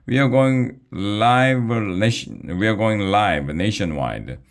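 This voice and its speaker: A man reading a storybook aloud, voicing an eager television reporter in a hurried manner. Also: lowish voice, animated, voice pushed up.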